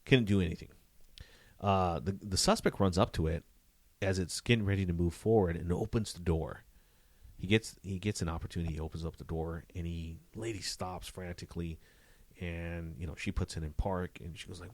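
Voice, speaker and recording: A man, a police detective, telling a story in a casual interview, animated and full of "you know" fillers. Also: low voice, fairly quick, no echo.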